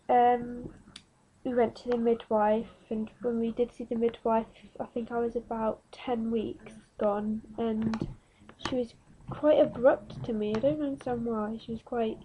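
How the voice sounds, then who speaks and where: A woman's voice: a little high, highs cut off, a little hiss or hum. A nineteen-year-old woman telling her own story frankly to camera in a vlog. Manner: frank, plain-spoken, slow and unhurried. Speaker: vlogger. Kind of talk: candid personal story to camera.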